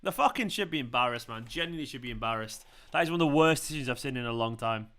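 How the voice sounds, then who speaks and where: A man's voice: mid-range voice, expressive, rapid-fire, fairly bright tone. A young man hosting a live football watchalong, ranting furiously at a referee decision and swearing over and over. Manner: furious, swearing, repeats himself. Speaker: football fan channel host.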